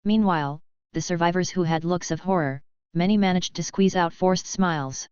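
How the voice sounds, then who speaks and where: A woman reading a web novel aloud as an audiobook narrator, in an even, measured way. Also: lowish voice, smooth, dry recording, dull audio.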